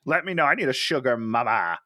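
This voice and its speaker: A man co-hosting a comedy movie review podcast, talking in a sarcastic, animated way and acting out lines from the film. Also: medium pitch, brisk, no room sound, clean studio sound. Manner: animated, sarcastic, acts out characters' lines in big voices. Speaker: podcast co-host.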